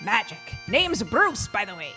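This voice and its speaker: A woman's voice: mid-range voice, big pitch swings, unhurried. A woman voicing a cheerful male bard guide in an attempted Scottish-style brogue. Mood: breezy. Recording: faint game music behind.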